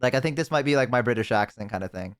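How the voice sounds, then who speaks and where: A man's voice: medium pitch, animated, racing, clean tone. A man streaming, chatting casually, joking and rambling with crude humor.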